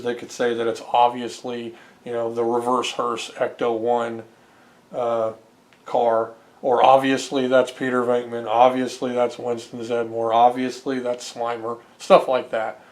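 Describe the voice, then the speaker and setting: A man giving casual, rambling commentary as a homebrew game developer, with many fillers and restarts. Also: mid-range voice.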